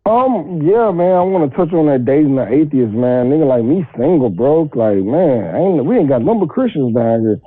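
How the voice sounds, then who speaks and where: A man's voice: medium pitch, lively intonation, moderate pace, few pauses. A man from Texas with a Southern accent, calling in to a podcast and telling loose, profane stories. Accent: Texan Southern US. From Texas, USA. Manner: loose profane storytelling with laughs. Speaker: caller guest. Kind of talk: casual call-in podcast chat. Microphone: phone call. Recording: tinny dry phone line.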